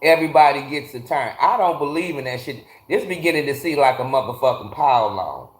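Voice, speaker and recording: In an echoey garage, a livestream host rants bluntly and profanely during a casual chat with viewers, welcoming chatters by name. His mid-range voice is animated and slightly fast.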